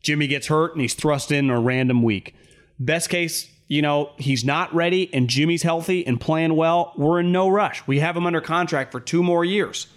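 A man's voice: on the high side, moderate pace. A man co-hosting a sports talk show, talking through his guesses in an easygoing, conversational way. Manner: conversational, speculative, easygoing with laughs.

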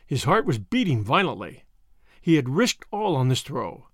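A man narrating a novel as an audiobook reader, measured and expressive. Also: medium pitch, no room sound, clean studio sound. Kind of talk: scripted narration.

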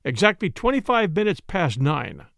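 A man's voice: on the high side, very animated, normal speed, gravelly, fairly bright tone, dry recording, exaggerated voice. Male reader playing a self-assured inspector in a storybook, confident and matter-of-fact, dry close sound.

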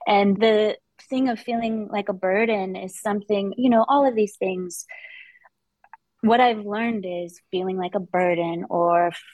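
A woman interview guest, speaking reflectively and openly, with halting restarts, on a close mic. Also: mid-range voice, steady tone, darkish tone, no room sound, low-quality recording. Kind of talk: candid interview conversation.

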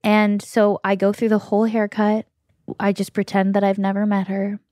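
A woman's voice: medium pitch, monotone, normal speed, warm tone, no echo, clean studio sound. A woman in her thirties, a podcast guest, telling a long story candidly and acting out the dialogue, with lots of "like". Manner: long storytelling runs with quoted dialogue and frequent "like".

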